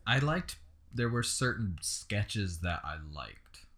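A man hosting a podcast, asking easygoing questions in a relaxed casual chat. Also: fairly low pitch, slow. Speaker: podcast host.

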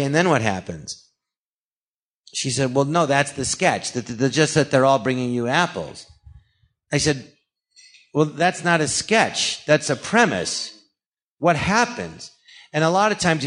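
Male guest, middle-aged, animated raconteur who acts out every quoted line. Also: mid-range voice. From California. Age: 40s or older. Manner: animated storyteller acting out quoted dialogue. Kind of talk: anecdotal storytelling.

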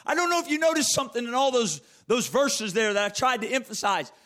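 A man with a notably high voice delivers a sermon, reading scripture aloud. He leans hard on repeated phrases and stretches key words for emphasis. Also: lively intonation, fast, bright, forceful tone. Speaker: preacher.

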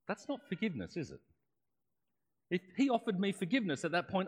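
A man preaches in a relaxed, conversational way, his slightly high voice rising and falling a great deal. His words carry a long reverb, as if spoken in a large hall. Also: quick pace, pauses often, breathy edge. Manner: conversational preaching with rhetorical questions. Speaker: pastor. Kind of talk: sermon.

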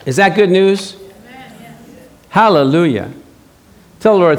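A man with a high voice preaches a sermon in a relaxed, conversational way. He draws words out slowly when he stresses scripture and slips into brief back-and-forth dialogues to make a point. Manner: animated, acts out short dialogues. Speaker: pastor.

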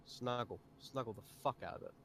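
A man's voice: mid-range voice, a little fast, a crowd in the background. Blunt, sweary British man. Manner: blunt, sweary, dry humor. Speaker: podcast guest. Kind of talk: casual chat.

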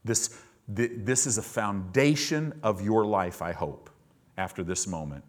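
A man preaching a sermon in a church, moving between loud, emphatic lines and hushed, low-voiced ones. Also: unhurried. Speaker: pastor.

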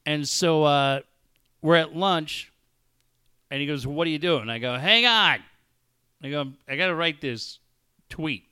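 Guy in his 40s on a talk show, bright high-ish voice, dry close sound, acts out the quotes. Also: measured pace, pauses often, clean tone, no room sound. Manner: storytelling with animated quoted dialogue. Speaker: radio show host. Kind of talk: casual chat.

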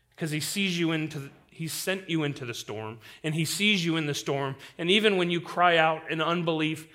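Fervent preaching man, slightly high voice. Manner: impassioned preaching, swings from loud to hushed. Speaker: pastor. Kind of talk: sermon.

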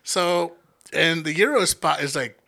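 A man spins a rowdy story in casual chat, swearing freely and often breaking into laughter. His voice sits a little high, with a gravelly, fry-edged grain and a bright, forceful tone. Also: unhurried. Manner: profane, animated storytelling with a laugh.

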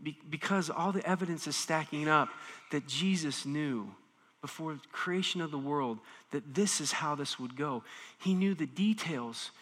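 A man preaching a sermon, animated, swinging between quiet explanation and intense emphasis. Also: on the high side. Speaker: pastor. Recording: reverberant hall.

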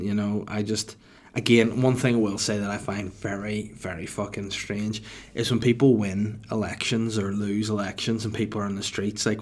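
A young man with a Northern Irish accent rambling profanely through a casual podcast monologue. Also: lowish voice. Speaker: podcast host.

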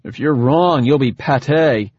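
A man voicing a sarcastic, gruff male soldier in an audiobook, with sardonic remarks. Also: mid-range voice, measured pace, darkish tone, dry recording. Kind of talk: audiobook character voice. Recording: dull dry lo-fi recording.

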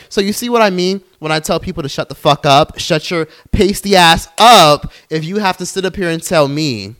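A man's voice: sits high, moderate pace, hardly any pauses, a bit bright. Heated young man ranting on a podcast. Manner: heated, profane, mocking put-on voices in quotes. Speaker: podcast host.

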